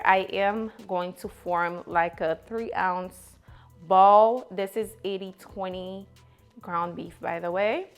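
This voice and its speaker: A woman hosting her own cooking channel, chatting to viewers as she walks through a recipe step by step. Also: on the low side. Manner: chatty, talks straight to viewers as "you guys". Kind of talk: casual cooking tutorial.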